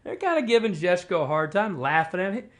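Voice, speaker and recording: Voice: mid-range voice, big pitch swings, a little fast, fairly bright tone. A storyteller from a tribal language department, casually telling a traditional tale in a folksy, conversational way and acting out the characters' lines. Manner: folksy and conversational, full of "kinda" and "you know"; acts out the animals' quoted talk.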